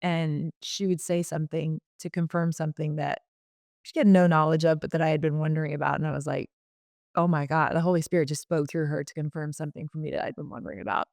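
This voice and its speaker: A middle-aged woman recounts memories of her family in an emotional, unhurried way, pausing often with fillers and restarts. Her voice sits low and smooth and clear. The sound is dry and close, with no room around it. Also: steady tone, a little mellow, dry recording. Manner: heartfelt, halting, many fillers and restarts. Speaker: podcast guest. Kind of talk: emotional personal storytelling.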